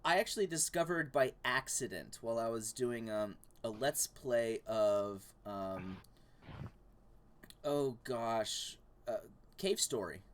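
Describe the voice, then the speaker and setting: An animated man swapping stories in casual podcast banter. He talks at a middling pitch with a faint hiss behind him and laughs often. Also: slow pace. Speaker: podcast co-host.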